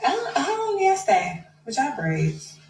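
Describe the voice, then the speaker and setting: A woman's voice: high-pitched, huge pitch swings, a little slow, darkish tone, a little hiss or hum. A chatty woman from Dayton, Ohio, chatting casually with her viewers and asking them questions. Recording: echoey room with music behind.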